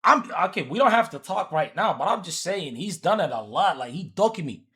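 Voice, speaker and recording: A fairly high-pitched man with a husky edge to his voice, chatting loosely on a livestream. He is from Africa and keeps teasing and repeating lines as he answers his chat. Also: sing-song, a little fast, pushed and bright. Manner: repetitive, teasing, talks back to chat. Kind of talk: casual stream chat.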